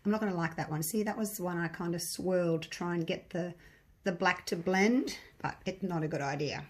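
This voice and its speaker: A woman with a croaky voice, chatting casually to her viewers and thinking aloud as she works on a resin craft project. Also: on the low side, fairly quick. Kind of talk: casual chat while crafting.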